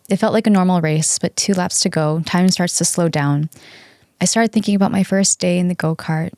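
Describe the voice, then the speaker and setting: Female podcast host, earnest fan recap, lower pitch, dry and close. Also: gravelly, darkish tone, no room sound. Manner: earnest, gushing fan retelling. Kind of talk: casual podcast chat and recap.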